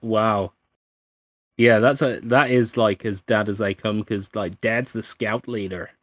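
A man's voice: fairly low pitch, a little slow, no echo. Dry-voiced man, swearing co-host. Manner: swears freely, relaxed, self-mocking. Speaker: podcast co-host. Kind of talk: casual chat.

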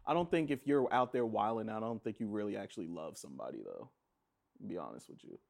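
A man co-hosting a casual podcast chat, blunt and joking, getting loud when riled up. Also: fairly low pitch, sing-song, fast talker, gravelly. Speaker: podcast co-host.

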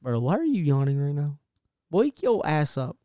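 Young male co-host, brash and teasing, mellow, dry close mic. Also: on the high side, big pitch swings, moderate pace, no echo. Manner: brash, teasing, swears freely. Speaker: podcast co-host. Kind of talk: casual sports chat.

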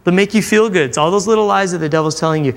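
Guy preaching to a room full of people, kinda high voice, super casual, keeps asking the crowd stuff. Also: fast talker, gravelly. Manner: conversational, acting out quotes, asks the crowd questions. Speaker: youth pastor. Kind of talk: sermon to a live audience. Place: church room with audience.

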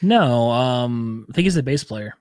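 A man's voice: mid-range voice, lively intonation, unhurried, a little mellow, no echo, studio quality. A man co-hosting a podcast in casual chat, rambling, swearing and laughing often. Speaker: podcast co-host.

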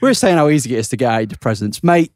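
A young British podcast host who keeps breaking into giggles and swears freely, often restarting his sentences. His voice sits fairly high and bounces all over the place. The sound is dry and close. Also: very animated, racing, no room sound. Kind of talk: casual chat.

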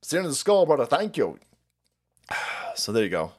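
A man's voice: medium pitch, wildly swooping pitch, darkish tone. Profane, sarcastic male streamer. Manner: mocks people by putting on quick voices. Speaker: livestream host. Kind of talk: ranting livestream commentary.

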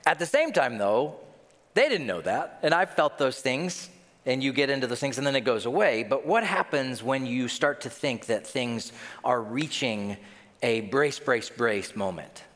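A man preaching a sermon as pastor, telling stories in an animated way and acting out quoted voices. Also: mid-range voice, measured pace, long reverb tail.

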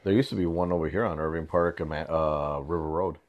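A man's voice: extremely low pitch, fairly even intonation, fairly quick, phone-quality sound. A man co-hosting a podcast, laid-back, reminiscing and laughing easily. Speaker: podcast co-host. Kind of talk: casual chat.

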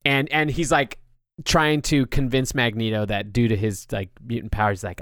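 Man, podcast host, casual chat, smooth voice, slightly low pitch, filler words. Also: moderate pace, fairly bright tone, no room sound, studio quality. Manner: chatty, heavy use of filler words.

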